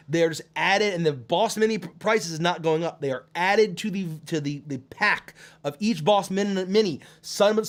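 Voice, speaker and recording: A man hosting a livestream Q&A, reading chat comments aloud in a high put-on character voice, excitable and casually swearing. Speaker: host.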